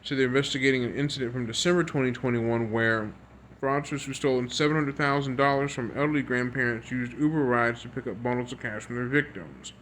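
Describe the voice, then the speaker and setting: A man's voice: medium pitch, fairly bright tone, slight background noise. A man reading news articles aloud with his own comments, earnest and repetitive, often stumbling over words and starting again. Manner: halting reading with stumbles and restarts. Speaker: video creator.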